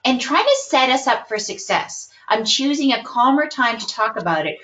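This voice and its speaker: A woman psychologist calmly explaining coping strategies in a webinar, hedging often with "kind of". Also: on the high side, normal speed. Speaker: psychologist guest. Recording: roomy, dull lo-fi webinar audio.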